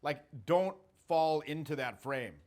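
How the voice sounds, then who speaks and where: A man in his forties coaching people on social skills, with a fairly high voice for a man. He talks bluntly and jokes as he tells stories, swearing freely as he goes. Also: slow pace. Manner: blunt, profane, jokey storytelling. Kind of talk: casual coaching talk.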